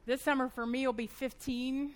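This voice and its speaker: High-pitched woman in her thirties, fast and animated, teaching a church group. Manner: fast-talking, animated storyteller. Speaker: women's Bible study teacher. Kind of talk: church teaching talk with personal stories.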